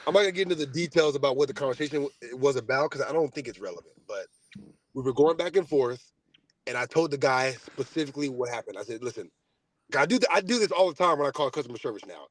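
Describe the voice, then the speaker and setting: A man on a podcast telling a story in casual chat, profane and animated, acting out both sides of a phone call. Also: mid-range voice, fast. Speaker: podcast host.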